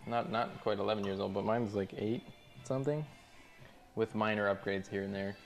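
A man's voice: on the low side, fairly even intonation, normal speed, gravelly, soft background music. A man streaming, reading out chat messages and chatting casually in a laid-back, rambling way with frequent laughs.

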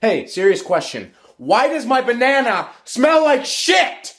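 A young man performing crude short comedy sketches, flipping from deadpan mutters to foul-mouthed outbursts. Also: very high voice, a little slow. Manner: crude, deadpan then explosive.

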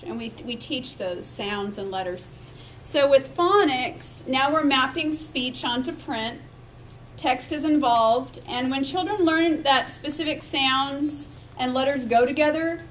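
A woman's voice: fairly high pitch, slight background noise, poor audio. Woman lecturing, modeling speech sounds. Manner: explains step by step, models speech sounds aloud, checks in with "right?". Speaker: literacy education instructor. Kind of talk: recorded lecture.

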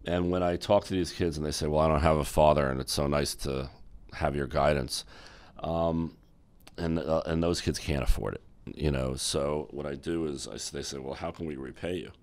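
A middle-aged American man, a former exchange executive appearing as an interview guest, tells stories animatedly and acts out the voices of people he quotes. His voice is extremely low, with fairly even intonation and a moderate pace.

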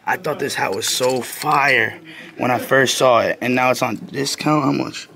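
A young man in a casual, slangy vlog, chatting excitedly while browsing a store. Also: mid-range voice, a little slow, vocal fry. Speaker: vlogger. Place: indoor retail store. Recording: store music behind the voice. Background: music playing in the store.

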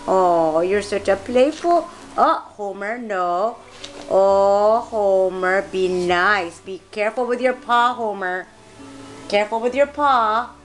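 A woman's voice: medium pitch, expressive, slow, soft background music. A woman talking to her pets in a coaxing, doting voice. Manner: coaxing, doting pet talk. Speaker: pet owner.

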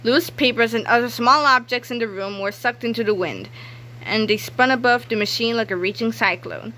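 A woman reading a children's book aloud in a lively, expressive way. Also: fairly high pitch, moderate pace, a little hiss or hum. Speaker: narrator.

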